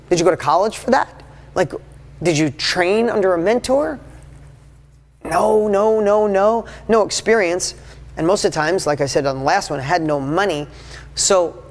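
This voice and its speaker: A man in his fifties giving a live motivational talk to an audience, speaking in an enthusiastic, emphatic and conversational way. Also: on the high side. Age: 50s. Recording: long hall reverb.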